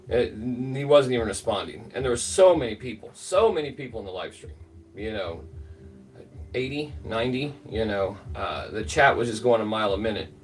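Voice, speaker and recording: A man's voice: lowish voice, expressive, moderate pace, recorded from a distance, slight background noise. Rambling middle-aged man telling a story. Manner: rambling, filler-heavy, greets chat by name. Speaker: livestream host. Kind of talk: casual storytelling on a livestream.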